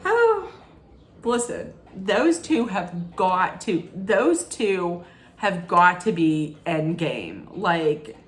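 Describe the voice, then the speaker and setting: A woman's voice: lowish voice, lively intonation, drawn-out words. Gushing woman in an echoey room. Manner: gushing, with frequent ums and restarts. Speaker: TV recap vlogger. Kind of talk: casual chatty recap.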